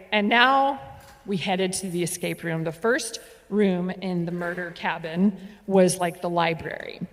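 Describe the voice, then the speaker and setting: A woman telling a story on stage, playful and animated, with laughs and asides. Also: mid-range voice. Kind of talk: live storytelling performance. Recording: reverberant hall.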